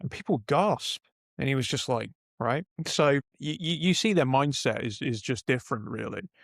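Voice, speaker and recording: A middle-aged man with a British accent talks through his career in a loose, meandering way, often restarting his sentences. His voice sits at an ordinary pitch and is recorded dry and close, with no room around it. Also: lively intonation, moderate pace, vocal fry, no echo. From United Kingdom. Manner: rambling, self-correcting anecdotes. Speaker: podcast guest. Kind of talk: casual interview storytelling.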